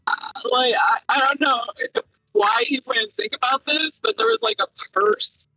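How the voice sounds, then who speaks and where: Brief: young woman, very bright and lively, rambles with fillers, dry sound, faint music behind. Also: sits high, moderate pace, no echo, dull audio. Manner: rambling, filler-heavy, giggly. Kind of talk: casual podcast chat.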